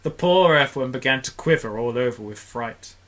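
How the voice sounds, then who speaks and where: A storyteller reading a children's book aloud on a livestream, expressive and doing the characters' voices. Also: medium pitch, moderate pace. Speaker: storybook reader for a charity stream.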